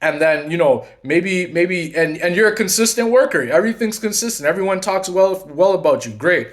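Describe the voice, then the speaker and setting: A man's voice: high-pitched, animated, moderate pace. A man hosting his own channel, talking in a loose, rambling way with many restarts and "you know"s. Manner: acts out quoted lines in his telling. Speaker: channel host and coach. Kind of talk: casual monologue.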